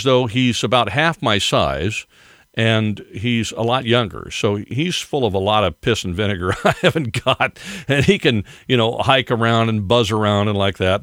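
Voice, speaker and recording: Older male podcast host, low voice, dry close sound, rambling with chuckles. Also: fairly bright tone, no room sound. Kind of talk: casual monologue.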